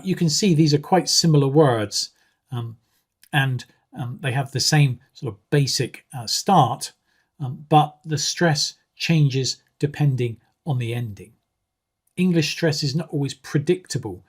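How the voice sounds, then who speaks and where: A man teaching an exam-preparation lesson in a measured way, often pausing with um and uh. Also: medium pitch, husky. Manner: measured, with frequent um and uh fillers. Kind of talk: explanatory video lesson.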